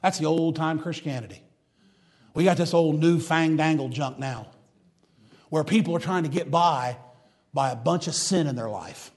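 High-voiced preacher. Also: male voice, moderate pace, pauses often. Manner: fervent, repetitive, builds to loud emphatic preaching; reads scripture in old-fashioned wording. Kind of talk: sermon.

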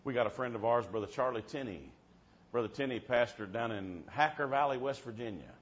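A man preaching a revival sermon in church, telling stories and swinging from soft-spoken to shouting. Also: mid-range voice, fairly quick. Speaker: traveling preacher. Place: church service. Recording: dull muffled sound with faint background hiss.

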